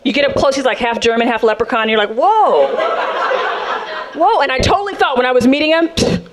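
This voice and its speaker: A woman from South Central Los Angeles performing a sassy, animated stand-up set, jumping into character voices. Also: sits high, rapid-fire, a loud crowd. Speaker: stand-up comedian. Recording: live club set with loud audience laughter. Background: audience laughing.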